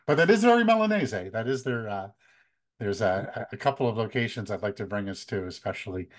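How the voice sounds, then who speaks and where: An American man in his fifties, a photography workshop leader, giving relaxed, conversational travel tips with many fillers. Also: on the low side, a little fast. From United States. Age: 50s. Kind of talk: casual talk, practical travel tips.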